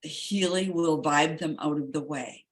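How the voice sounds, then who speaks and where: A woman's voice: deep voice, moderate pace. A woman wellness coach talking emphatically and repeating key words for stress. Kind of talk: enthusiastic wellness talk.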